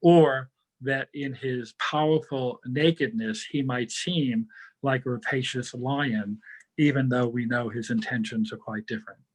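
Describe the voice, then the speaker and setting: Male lecturer, mid-pitched voice, thoughtful, digressive, answering questions. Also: a little slow, rough recording. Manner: thoughtful, digressive explanations with filler words. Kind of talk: library lecture with Q&A.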